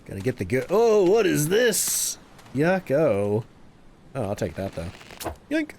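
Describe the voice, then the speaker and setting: Man streaming a game live, upbeat, goofy, lively pitch swings, slightly high voice. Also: vocal fry, a little hiss or hum. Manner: upbeat, goofy, rapid thanks to chat with sudden exclamations. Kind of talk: live gameplay commentary.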